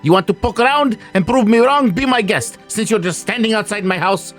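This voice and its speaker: Man doing a shrill scolding tiny cottage woman. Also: a little fast, fairly bright tone, faint music behind. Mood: indignant. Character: feisty small woman cottager, indignant, scolding.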